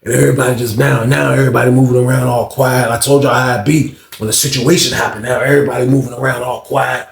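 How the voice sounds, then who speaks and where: A man telling a casual storytime monologue to his viewers in an animated, slangy way, acting out what others said in raised voices. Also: mid-range voice, quick pace, creaky, hardly any pauses, roomy sound.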